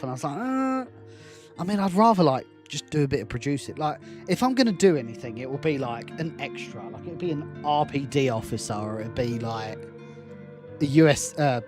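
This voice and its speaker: A man's voice: mid-range voice, darkish tone. A young man giving rambling, self-deprecating commentary while playing a game, laughing often. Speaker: fan film director and game streamer. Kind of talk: casual gameplay commentary.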